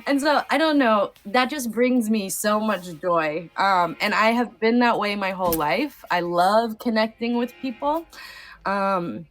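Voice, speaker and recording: A woman's voice: medium pitch, measured pace. A woman in her thirties, a podcast guest talking in a heartfelt, casual way, sometimes near tears, with many fillers. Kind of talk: emotional casual conversation.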